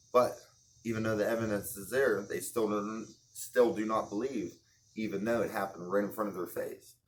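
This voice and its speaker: A man's voice: lowish voice, slight background noise. A man in casual religious commentary, talking earnestly and slangily, with rhetorical questions and restarts. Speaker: online video host.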